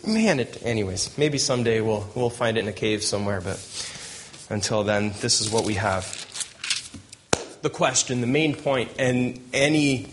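A man's voice: medium pitch, moderate pace, heavy background noise. Joking man preaching a sermon. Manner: jokey asides, chuckles while preaching. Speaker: pastor. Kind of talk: sermon with Bible reading.

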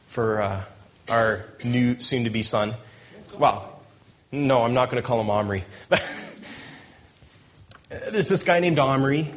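A man preaching a sermon who reads scripture aloud and breaks in with joking asides and chuckles. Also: medium pitch. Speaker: pastor. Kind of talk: sermon with Bible reading.

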